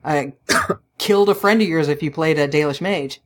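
A woman co-hosting a casual video game podcast, chatty and teasing, quick to laugh. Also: deep voice. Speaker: podcast co-host. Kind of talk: casual chat about video games.

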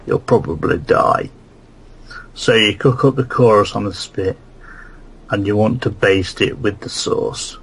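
A man's voice: lowish voice, a little slow, breathy edge. A man putting on a British recipe reader. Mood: instructive. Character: British-accented man reading a cooking recipe. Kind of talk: comic podcast bit.

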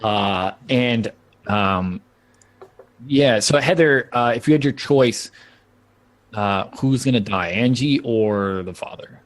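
A man narrates a tabletop game as game master, talking loosely and circling back on himself. His pitch sits in the middle of the usual range for a man. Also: takes it slowly. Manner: loose, rambling narration with many fillers and restarts.

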